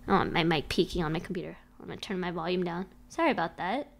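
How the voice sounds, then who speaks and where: A woman's voice: fairly low pitch, fast talker, creaky. A young woman streaming from home into a desk microphone, chatting casually and playfully with her viewers, often giggling.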